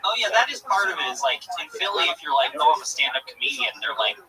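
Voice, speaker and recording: A man's voice: a little high, expressive, fast talker. A man who is a stand-up comedian, talking in a wry, self-deprecating way in casual chat. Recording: distant mic with loud crowd noise behind.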